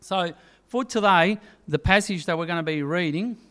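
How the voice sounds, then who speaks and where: Preacher man, high and smooth. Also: moderate pace, a bit bright. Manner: storytelling, hesitant with many fillers. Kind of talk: sermon.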